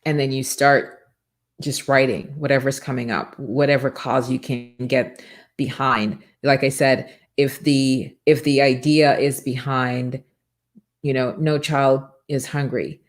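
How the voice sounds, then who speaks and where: Low-voiced lady hosting a morning show, preachy motivational faith talk, lots of rhetorical questions. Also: steady tone, measured pace.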